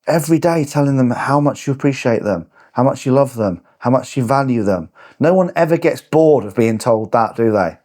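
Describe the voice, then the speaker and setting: A man's voice: medium pitch, lively intonation, moderate pace, hardly any pauses, a little mellow. A man hosting a podcast as a coach, giving a blunt, punchy motivational talk with swearing. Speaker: podcast host and fitness coach. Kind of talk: motivational monologue.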